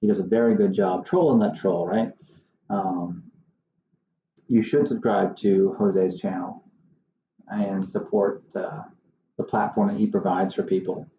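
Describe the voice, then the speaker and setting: A man hosts his own channel, talking to the camera in a casual, wry and exasperated way. His voice is low, gravelly and dark. The recording sounds muffled and roomy, with a faint hiss underneath. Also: steady tone, unhurried, long pauses. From Southern Maine. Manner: wry, exasperated, mocking impressions of others. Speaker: surveyor and channel host.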